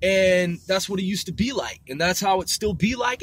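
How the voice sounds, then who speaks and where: A man's voice: sits high, expressive, normal speed, hardly any pauses, fairly bright tone, husky. A man ranting in a rambling casual monologue, profane and full of street slang, circling back and repeating himself. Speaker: vlogger.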